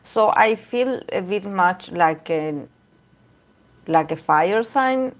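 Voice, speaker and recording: A woman's voice: mid-range voice, lively intonation, slow. A woman talking casually and candidly about herself, rambling with many fillers and restarts. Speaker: tarot reader. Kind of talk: casual talk to camera.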